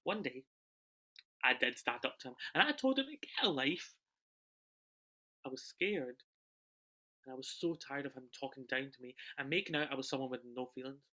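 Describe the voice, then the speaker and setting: A young British man performing an emotional autobiographical stage monologue over a video call, swinging between loud bursts and hushed lines. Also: mid-range voice, expressive, normal speed, pauses often. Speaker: solo performer.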